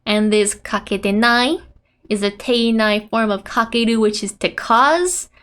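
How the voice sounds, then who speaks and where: A woman gives a casual Japanese lesson, laughing frequently and acting out quoted lines in animated voices. Her voice is a little high and her pace unhurried.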